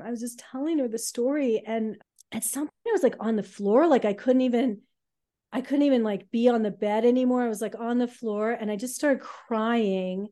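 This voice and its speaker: A woman telling her own life story on a podcast, candid and halting, with many fillers. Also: on the high side, dark tone.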